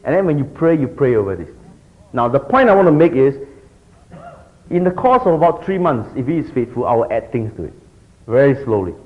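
A man's voice: mid-range voice, fairly quick, pauses often. A middle-aged man teaching a group about discipling, often checking in with his listeners. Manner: animated, keeps checking in with the audience. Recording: dull lo-fi recording.

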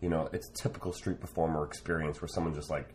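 A man's voice: very deep voice, quick pace, a little hiss or hum. A man from Canada, a former street performer, telling a rambling anecdote in conversation. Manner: rambling, animated anecdote with fillers. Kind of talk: storytelling in conversation.

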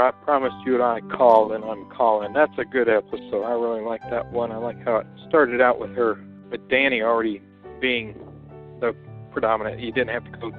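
A man leaving a friendly voicemail for a podcast, hesitant and rambling. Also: mid-range voice. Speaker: caller. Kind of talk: voicemail message. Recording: tinny phone line.

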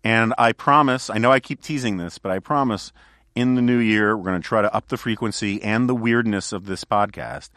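A man's voice: lowish voice, brisk, fairly bright tone, no echo, studio quality. A man hosting a podcast, telling rambling stories in casual chat with many fillers and restarts. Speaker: podcast host.

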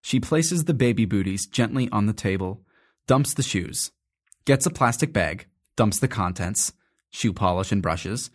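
A man reading stage directions aloud in a matter-of-fact, measured way during a stage play reading. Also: on the low side.

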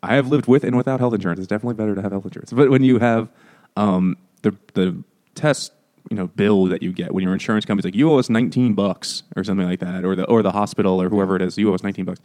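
A young man talks loosely on a podcast, rambling and cursing as he acts out little back-and-forth exchanges. His voice sits a touch low. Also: steady tone, rapid-fire, darkish tone. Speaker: podcast co-host. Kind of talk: casual chat.

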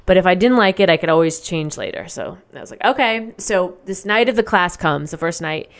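A woman's voice: fairly low pitch, lively intonation, brisk. A woman hosting a show, telling a personal story to her listeners in a candid, casual way with lots of fillers and the odd swear word.

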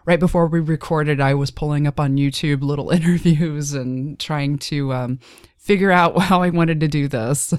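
Woman with a faint Texas lilt, casual and self-deprecating; clear voice, dry close mic. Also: low-pitched, steady tone, moderate pace, darkish tone, dry recording. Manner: chatty, laughs often, self-deprecating. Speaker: guest narrator. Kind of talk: casual interview chat.

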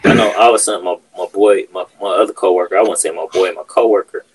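A man's voice: deep voice, steady tone, fast, breathy edge, poor audio. A man hosting a podcast, telling a workplace story in casual, profane chat. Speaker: podcast host.

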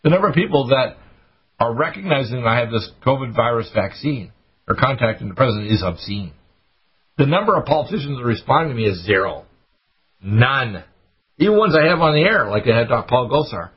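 Male talk radio host, husky voice, fervent preachy ranter, muffled audio. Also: very animated. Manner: preachy, urgent, rapid rants with sudden high bursts.

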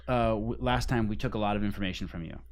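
Low-voiced, rambling podcast host man. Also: fast talker. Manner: profane, rambling storyteller. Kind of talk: casual chat.

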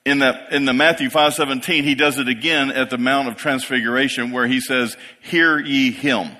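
Preaching man with a bright, ringing voice. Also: mid-range voice, little pitch movement, fairly quick. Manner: preaching, rising to emphatic peaks, asks congregation "yes?". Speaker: pastor. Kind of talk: sermon. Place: church sanctuary. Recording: long reverb of a large hall.

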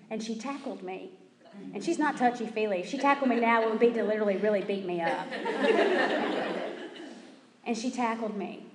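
A woman gives a personal testimony in a church, telling her story with lively acted-out quotes. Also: fairly high pitch, normal speed. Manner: animated storyteller acting out quotes. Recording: roomy hall with long reverb.

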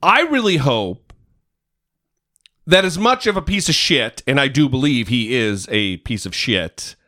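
A man's voice: mid-range voice, big pitch swings, a little slow, bright, forceful tone. A man hosting a political podcast, talking in a heated, emphatic way and cursing freely. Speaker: podcast host. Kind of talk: casual political chat.

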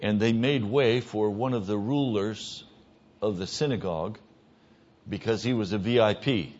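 A man preaching a sermon as pastor, emphatic, moving between hushed lines and loud ones. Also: lowish voice, moderate pace. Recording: dull lo-fi sermon recording.

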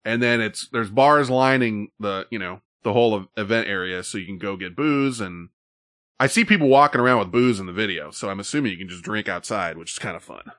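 A man's voice: lowish voice, a little fast, fairly bright tone, no room sound, studio quality. A man hosting a casual live stream, talking in a loose, rambling, profane way. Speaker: host.

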